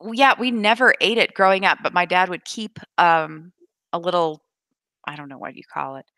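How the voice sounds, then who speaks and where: A woman chats as a livestream guest, easygoing and unhurried. Her voice sits low but sounds bright, and the recording is dry and close. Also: dry recording. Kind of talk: casual chat.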